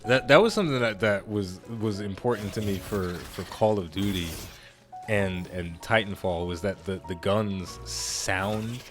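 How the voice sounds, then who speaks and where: Brief: a man with a lowish voice doing relaxed let's-play commentary, chatty and self-deprecating, soft game music underneath. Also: a little slow. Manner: rambling, self-deprecating, laughs often. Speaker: gaming YouTuber.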